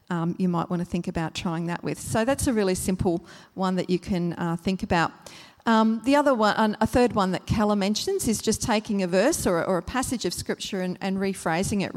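A woman giving a gentle church teaching talk, explaining at length with frequent ums and uhs and repeating phrases for emphasis. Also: fairly low pitch, big-room sound. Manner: repeats a phrase to stress each word.

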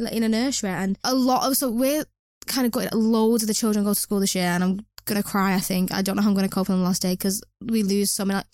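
Fast, chatty woman podcaster. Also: medium pitch, a little mellow, no room sound, clean studio sound. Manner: chatty, rambling, self-mocking, frequent restarts. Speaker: podcast host. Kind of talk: casual chat.

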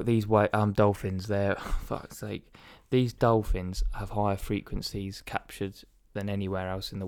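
A man's voice: on the low side, clear, resonant tone, no echo, clean studio sound. A man hosting a casual podcast chat, rambling with lots of ums and restarts. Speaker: podcast host.

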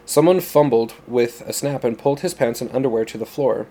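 A man narrating a story in a steady, plain storytelling manner. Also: mid-range voice, a little fast. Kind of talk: audiobook narration.

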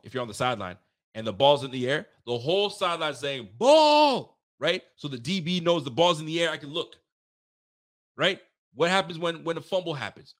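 A man hosting a casual sports podcast, animated and swearing freely, talking straight to his listeners and breaking into loud outbursts. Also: a little high. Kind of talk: casual fan commentary.

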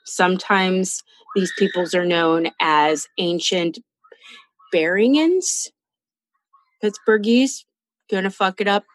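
A woman's voice: fairly low pitch, no echo. A woman hosting a true crime podcast, chatting casually in a blunt, profane way. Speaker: podcast host telling a true crime case.

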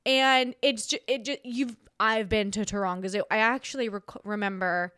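A woman's voice: medium pitch, fairly even intonation, normal speed, a bit bright, clean tone, no room sound, studio quality. A young Australian woman hosting a podcast, chatting casually on her own, giggly and rambling with frequent restarts. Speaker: podcast host. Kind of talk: casual solo chat.

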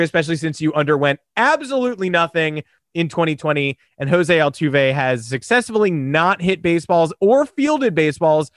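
A man co-hosting a sports podcast, hoarse and animated, talking in a sarcastic, rambling way. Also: fairly high pitch, no room sound, clean studio sound. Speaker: podcast co-host. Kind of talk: casual sports podcast chat.

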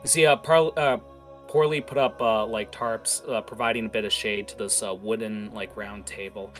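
A man's voice: lowish voice, steady tone, normal speed, fairly bright tone, soft background music. A man narrating as game master in an improvised tabletop session, rambling with many fillers and restarts.

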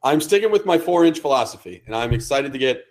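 A man's voice: medium pitch, expressive, fast talker. A man co-hosting a casual sports podcast, blunt and crude, full of teasing banter. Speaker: podcast co-host.

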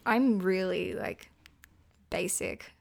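A woman's voice: mid-range voice, slow, gravelly, a little mellow. A young woman, chatting casually and giggling, joking about herself. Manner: giggly, chatty, self-deprecating. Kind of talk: casual chat.

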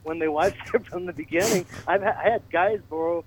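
A man's voice: sits high, a little fast, slight background noise, rough recording. A man calling in to a radio talk show, insistent and chuckling as he argues his point. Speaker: radio caller. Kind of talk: call-in radio chat.

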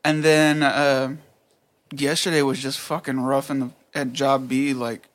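A man's voice: mid-range voice, level tone, a little slow, a bit bright. Blunt, swearing man venting. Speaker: podcast co-host. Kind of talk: casual chat.

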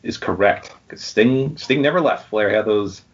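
A man's voice: lowish voice, a little slow, slightly rough. A man hosting a casual wrestling trivia quiz on a podcast, reading out the names and the answers. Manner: lively, reads out questions and answers. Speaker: quiz host. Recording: dull lo-fi sound.

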